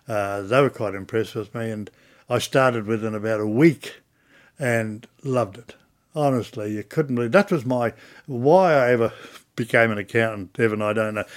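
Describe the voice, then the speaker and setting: An older Australian man telling stories in an oral history interview, chatty and animated, acting out old conversations. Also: mid-range voice. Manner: chatty storyteller, acts out dialogue.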